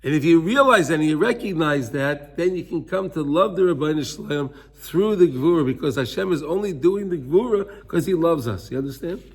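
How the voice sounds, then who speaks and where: In a fairly high, slightly rough voice, a man gives a Torah lesson at a fairly quick clip, barely pausing. He's expressive and earnest, using Hebrew terms and playing out scenes in character voices.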